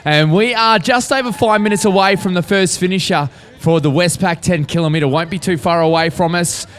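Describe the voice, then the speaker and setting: A man's voice: high-pitched, brisk, a bit bright. An Australian man commentating a race finish, upbeat and joking as runners come in. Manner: upbeat, joking banter while calling runners in.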